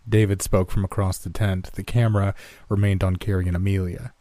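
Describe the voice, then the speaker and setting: Man with a low, mellow voice. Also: flat delivery, a little fast, hardly any pauses, dry recording. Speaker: narrator. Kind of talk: scripted horror narration.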